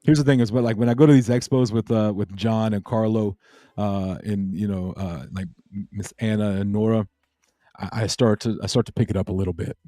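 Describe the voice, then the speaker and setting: A man's voice: lowish voice, steady tone, a little fast, dark tone, no echo, clean studio sound. A man hosting a casual crypto livestream, rambling and laid-back as he chats with viewers. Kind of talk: casual late-night livestream chat.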